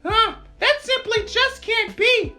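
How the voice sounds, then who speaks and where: A woman's voice: extremely high pitch, takes it slowly, music in the background. A woman voicing a cheeky, greedy kid character who teases in a sing-song, giggly way. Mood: teasing.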